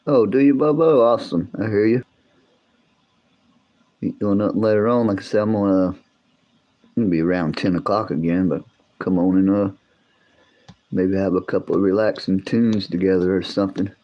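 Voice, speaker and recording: A man, hosting a casual livestream, rambling and swearing as he talks to his viewers, his voice gone deeper from coughing. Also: fairly even intonation, moderate pace, long pauses, highs cut off. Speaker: livestream host.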